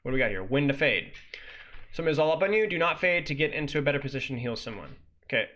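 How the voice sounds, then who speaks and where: A man's voice: medium pitch, expressive, rapid-fire, fairly bright tone, highs cut off. A man coaching as he reviews a gameplay guide on stream, ranting and critiquing with sudden incredulous outbursts.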